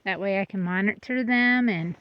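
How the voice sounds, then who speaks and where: A woman talks casually through a tour of her dairy goats outdoors, recorded on a phone. Her voice sits in a middle pitch and the sound is a little dull and lo-fi. Goats are heard around her, and she slips into fond asides to the animals. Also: moderate pace, no room sound. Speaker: goat breeder. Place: outdoors in a goat pen.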